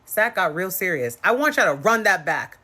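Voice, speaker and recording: A woman with a fairly low voice gives casual reaction commentary on a reality dating show. She is blunt and gossipy and often slips into the voices of the people she quotes. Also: big pitch swings, normal speed, sharp tone.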